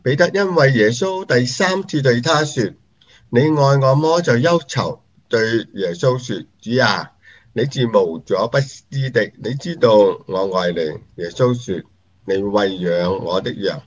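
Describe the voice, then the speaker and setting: A man giving an even, formal Bible reading. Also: medium pitch, a little slow. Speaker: scripture reader. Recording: dull lo-fi recording.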